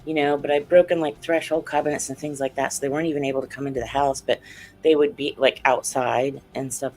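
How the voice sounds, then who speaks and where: A woman guest, an author and researcher, telling a personal story in an interview and acting out what was said. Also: extremely low pitch. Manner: animated, acts out quoted dialogue, earnest.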